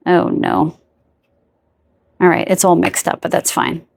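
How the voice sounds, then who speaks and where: A woman's voice: on the low side, animated, unhurried, gravelly, darkish tone. A woman giving an intuitive tarot reading to camera, chatty and searching for words aloud, stopping to ask her spirit guides for messages. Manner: talks to spirit guides between remarks. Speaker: tarot card reader.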